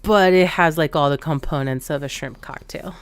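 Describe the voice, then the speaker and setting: A woman's voice: sits low, normal speed, clean tone, no room sound. A woman streamer chatting casually with her viewers, joking and rambling between thoughts. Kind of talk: casual live-stream chat.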